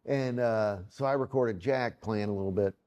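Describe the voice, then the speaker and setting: A man's voice: on the low side, normal speed, mellow. A man, an illustrator, telling a rambling story and acting out the quoted dialogue in it. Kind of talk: casual anecdotal storytelling.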